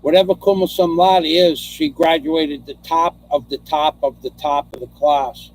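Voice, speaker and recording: A man's voice: on the high side, fairly even intonation, measured pace, darkish tone, a little hiss or hum. A middle-aged man hosting a casual chat, telling rambling stories and reading out viewer comments, often repeating himself as he goes.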